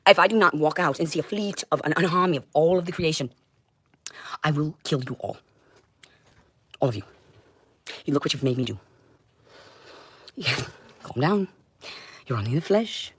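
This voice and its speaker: A woman delivering a rambling livestream monologue in an intense, confrontational way, swinging between loud outbursts and low muttering. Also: lively intonation, moderate pace, pauses often, slightly rough.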